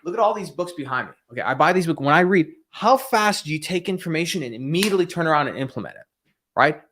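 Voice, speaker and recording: Man, sales coach, live-stream host, blunt, emphatic, a little high-pitched. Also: fairly bright tone. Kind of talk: motivational live-stream talk. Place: room with bookshelves behind him.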